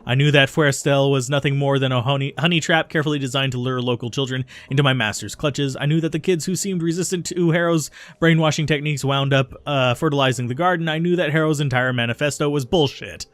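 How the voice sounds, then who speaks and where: Guy reading the lines of a guilt-ridden ex-cultist girl from a game, brisk and dry. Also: mid-range voice, no echo, natural voice. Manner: steady confessional reading with small slips. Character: remorseful young woman, former cultist turned runner. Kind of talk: reading game dialogue aloud.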